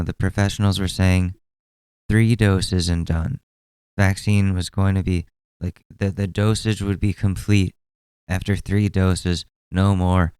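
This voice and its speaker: Mellow-voiced young man ranting casually. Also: sits low, smooth, no room sound. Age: 20s. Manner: rambling, exasperated, profane. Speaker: podcast host. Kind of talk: casual solo commentary.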